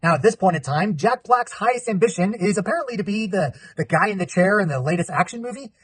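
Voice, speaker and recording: Male host, 40s; quick and animated delivery with a slightly husky edge, playful review-vlog energy. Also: high voice. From California. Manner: upbeat and animated, jokey asides.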